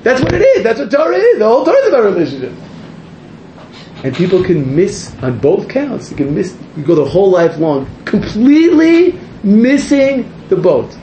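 A man, a rabbi, giving an animated, rambling sermon to a live audience, interrupting himself and rising to near-shouts. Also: high-pitched, normal speed, a little hiss or hum. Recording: echoey room, muffled sound.

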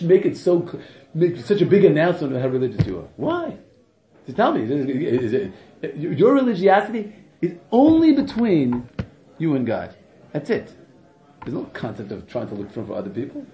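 A man teaching a class in an animated, rhetorical way, often asking "right?" and laughing, recorded in an echoey room with dull, lo-fi sound. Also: fairly high pitch, vocal fry. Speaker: religious teacher. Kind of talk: informal classroom lecture.

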